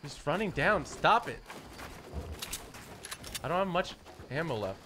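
A man hosting a gameplay video, chatting and joking with friends over loud game music. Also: on the high side, big pitch swings, unhurried, noisy background. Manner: joking, playful. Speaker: gaming host. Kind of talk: casual gameplay chat.

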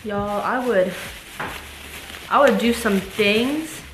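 A young woman chatting casually to camera as a vlogger. She is excitable, says "like" a lot and swears casually. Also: mid-range voice, slow, noisy background. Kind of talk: casual vlog chat to camera. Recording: roomy echo with faint music behind.

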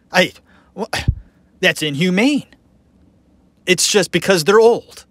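Animated, opinionated male podcast host. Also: high-pitched, slow pace, long pauses, no echo. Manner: animated, opinionated, rambling with fillers. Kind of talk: casual commentary.

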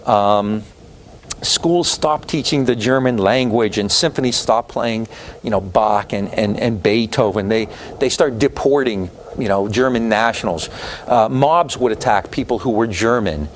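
A man giving a university history lecture, growing animated and climbing in pitch when indignant, with frequent restarts. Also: a little slow, slight background noise. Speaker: history professor.

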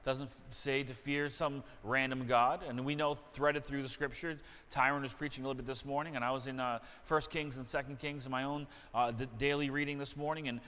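A man's voice: medium pitch, steady tone, brisk, hardly any pauses, bright, forceful tone. A middle-aged male pastor preaching a sermon in a church, earnest and repeating key phrases for emphasis. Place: church sanctuary. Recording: long church reverb.

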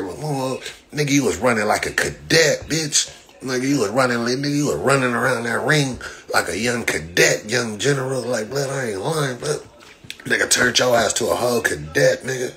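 Crowd noise surrounds a boxer livestreaming after his fight, ranting in profane trash talk loaded with repeated slang fillers. He speaks in an animated mid-range voice at a moderate pace.

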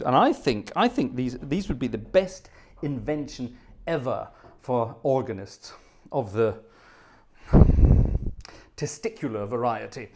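Chatty rambling man telling a story. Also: mid-range voice. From Scotland. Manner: rambling, jokey, self-correcting asides. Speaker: organist livestream host. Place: home organ room.

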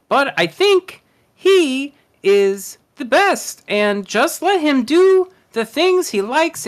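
A woman co-hosting a comedy podcast, reading a forum post in a gushing, exaggerated way. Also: sits high. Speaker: podcast co-host.

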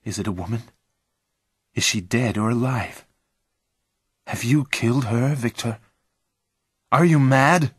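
A man's voice: mid-range voice, measured pace, long pauses, slightly rough, no room sound, clean studio sound. Man voicing a shocked worried friend. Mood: horrified. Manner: alarmed and questioning.

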